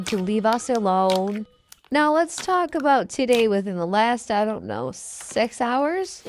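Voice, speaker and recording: A woman's voice: medium pitch, darkish tone. A woman in a casual vlog monologue who speaks bluntly and recounts events blow by blow. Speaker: streamer telling her side of a dispute.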